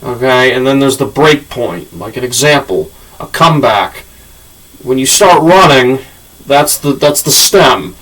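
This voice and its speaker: A man's voice: mid-range voice, lively intonation, unhurried, fairly bright tone. A man hosting a casual football analysis, blunt and profane, talking like a coach explaining routes. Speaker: channel host analyzing draft picks. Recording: voice from a distance off the mic.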